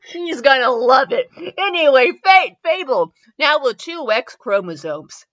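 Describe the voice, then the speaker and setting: A woman with a Midwestern accent hosts a comedic fanfiction reading. Her voice is high, bright and bouncy, and she rambles and giggles between sentences. The recording is dull and lo-fi, with a dry sound. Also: expressive, measured pace. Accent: Midwestern American. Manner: giggly and rambling, with frequent laughter. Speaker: fanfiction reviewer and host.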